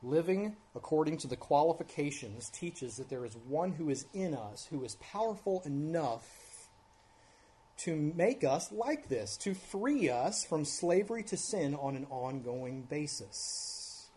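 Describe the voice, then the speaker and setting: A pastor preaching an earnest expository sermon, with emphatic rises and drops in loudness and casual asides. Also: male voice, on the high side, expressive, measured pace. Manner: conversational asides.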